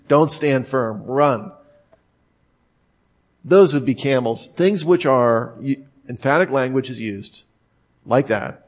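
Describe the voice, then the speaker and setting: A man giving an informal sermon, talking conversationally, leaning hard on key words, with frequent restarts. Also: mid-range voice. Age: adult, former smoker. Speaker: preacher.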